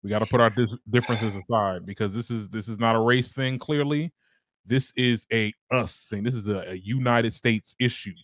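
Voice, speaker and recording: A man's voice: fairly low pitch, moderate pace, a bit bright, dry recording. A man chatting earnestly on a podcast, stumbling over his words as he starts. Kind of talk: casual podcast chat.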